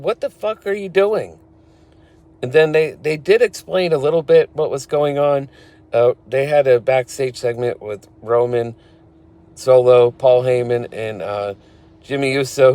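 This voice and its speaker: With a medium-pitched, slightly mellow voice, a man recaps a wrestling show casually and bluntly. He's opinionated, swears now and then, and laughs at his own retellings.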